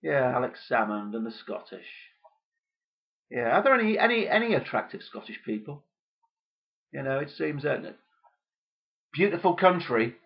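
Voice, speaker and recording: A man hosting a comedy show, delivering a deadpan, gloomy rant full of hesitant pauses. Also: a little high, lo-fi sound. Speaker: comedy podcast host.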